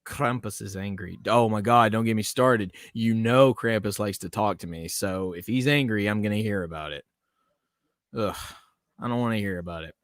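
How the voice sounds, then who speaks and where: A man's voice: fairly low pitch, normal speed, smooth, no echo, studio quality. A man hosting a casual livestream podcast, rambling and chuckling as he talks to his chat. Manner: rambling, chuckling, self-interrupting. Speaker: podcast host.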